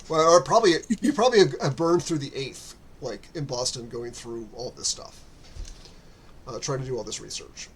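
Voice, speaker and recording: A man's voice: mid-range voice, normal speed, a bit bright, slight background noise. A man narrating as game master, rambling with many fillers and restarts.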